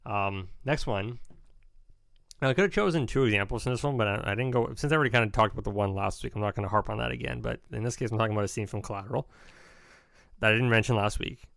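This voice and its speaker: A man's voice: fairly low pitch, quick pace, gravelly, a bit bright, dry recording. A young man rambling casually about favourite film scenes as a podcast host, with lots of "like" and restarts. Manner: rambling, restarts often, uses "like" a lot. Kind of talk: casual chat.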